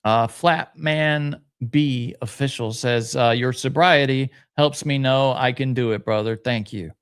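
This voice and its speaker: A man's voice: medium pitch, a little slow, clean tone. A man co-hosting a podcast, reading viewer comments aloud with lots of hesitant fillers. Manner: hesitant, many uhs, laid-back. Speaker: podcast co-host.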